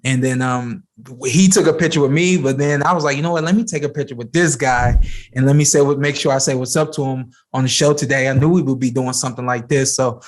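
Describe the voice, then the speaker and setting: A man's voice: medium pitch, fast. A man hosting a podcast, telling a casual story and acting out what people said to him. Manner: storytelling, animated when quoting people. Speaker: podcast host, boxer. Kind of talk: casual chat.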